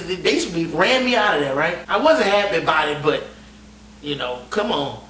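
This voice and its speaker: A man casually telling a navy story, animated and profane and laughing often. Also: high-pitched, normal speed. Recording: roomy echo, distant mic, faint hum.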